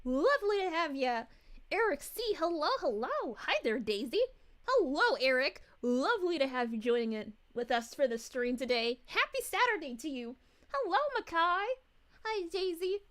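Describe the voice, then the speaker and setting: A woman's voice: sits high, big pitch swings, normal speed, fairly bright tone. A woman voicing a bubbly, cheerful young princess, greeting viewers exclamatorily and with giggles. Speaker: VTuber streamer. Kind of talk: in-character livestream chat reading.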